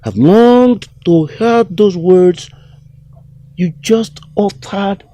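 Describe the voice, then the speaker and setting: An actor playing an older father and elder, speaking gravely and earnestly in a drama. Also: high voice, extremely slow, dark tone, exaggerated voice. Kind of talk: Nollywood film acting.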